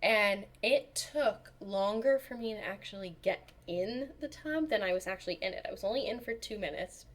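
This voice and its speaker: A woman chatting as an interview guest, animated, acting out the voices of people she quotes. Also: mid-range voice, normal speed, few pauses. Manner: animated storyteller, acts out quotes. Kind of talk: casual interview chat.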